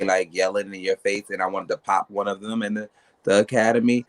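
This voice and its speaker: A man in casual podcast chat, boastful and animated as he tells stories. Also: on the low side.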